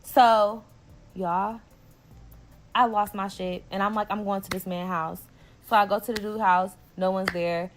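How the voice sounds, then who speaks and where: A woman's voice: mid-range voice, unhurried, slight background noise. A woman with a Bay Area accent telling a story in a casual vlog, swearing freely and acting out what people said. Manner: animated, swearing, slangy, acts out quotes.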